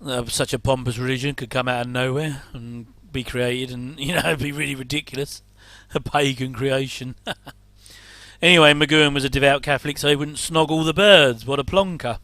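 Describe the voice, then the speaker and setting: A man's voice: mid-range voice, fairly even intonation, moderate pace, sharp tone, no echo. A middle-aged English man rambling casually through a reaction commentary, with chatty, self-deprecating asides. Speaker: host.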